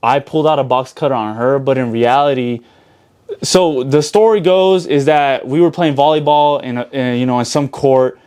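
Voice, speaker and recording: A man's voice: mid-range voice, normal speed, a little mellow, smooth. A young adult man as an interview guest, telling his side in a casual, slangy podcast talk full of swearing.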